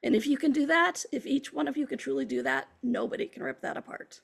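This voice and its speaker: A woman's voice: sits high, big pitch swings, fast, creaky, hardly any pauses. A woman hosting a motivational self-help show, speaking in an upbeat, encouraging way straight to her listeners. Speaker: host.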